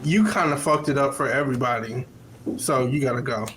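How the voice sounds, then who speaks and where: A man's voice: mid-range voice, brisk, fairly bright tone, slight background noise, poor audio. A man co-hosting a casual podcast, giving blunt, opinionated takes with casual cursing. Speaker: podcast co-host. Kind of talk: casual chat.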